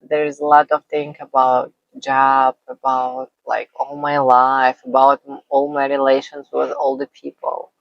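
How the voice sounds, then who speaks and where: A woman tells her own story in careful, non-native English, her low voice slightly gravelly. She speaks slowly and haltingly, often breaking into light laughter between phrases. The sound is close and dry, with no room around it. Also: level tone, no echo, muffled recording. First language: not English. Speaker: vlogger. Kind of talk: personal storytelling.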